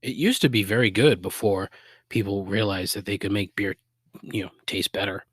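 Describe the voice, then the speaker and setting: A man's voice: fairly low pitch, fairly even intonation, moderate pace, husky, no room sound, clean studio sound. A man with a Boston accent hosting a solo podcast, griping in a profane, exasperated way with sarcastic asides. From Boston area, USA. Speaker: podcast host.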